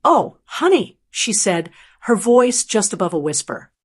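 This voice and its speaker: Woman narrating a story, mid-pitched voice. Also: expressive, unhurried. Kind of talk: first-person storytelling narration.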